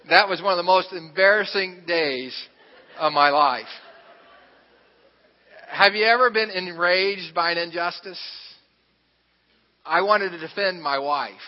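A man preaching a sermon, telling a personal story in a conversational, self-deprecating way, with asides to the congregation. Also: a little high. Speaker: pastor. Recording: reverberant, muffled hall recording.

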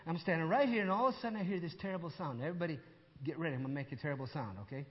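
An older man preaching a sermon as a lively story, acting out conversations and speaking asides to his congregation. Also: a little high, racing. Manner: animated, acts out dialogue, asides to audience. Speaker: pastor. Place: church hall with audience. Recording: dull sound in long reverb hall.

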